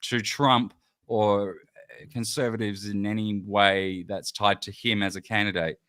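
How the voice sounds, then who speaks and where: A man's voice: lowish voice, little pitch movement, a little slow, a bit bright, smooth, no echo, clean studio sound. A man co-hosting a casual news-and-banter podcast, teasing his partner and talking with many restarts. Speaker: podcast co-host.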